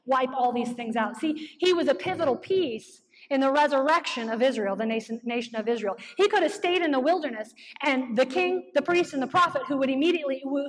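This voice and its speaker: High-voiced woman preaching in a reverberant hall. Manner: impassioned, repeats lines for emphasis, drops low for quotes. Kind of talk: sermon.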